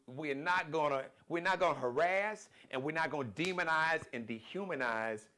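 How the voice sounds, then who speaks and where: A man hosting a live talk show, giving animated, slangy, opinionated commentary. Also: medium pitch.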